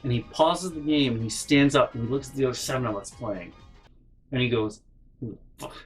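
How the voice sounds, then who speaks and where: A man's voice: mid-range voice, a little fast, faint music behind, poor audio. A young man telling a funny story from his life in a casual, rambling way, with frequent swearing and mock-indignant asides. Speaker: storytelling vlogger.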